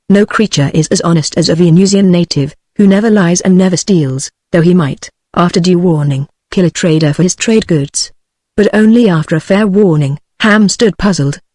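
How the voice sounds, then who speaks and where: A text-to-speech woman's voice with a British English accent, reading audiobook narration in an even, steady way. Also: on the low side, no echo, studio quality.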